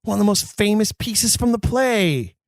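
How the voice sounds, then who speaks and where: A man hosting a podcast, teaching Shakespeare acting with emphatic delivery that drops low and slow for dramatic lines. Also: lively intonation, no room sound. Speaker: podcast host.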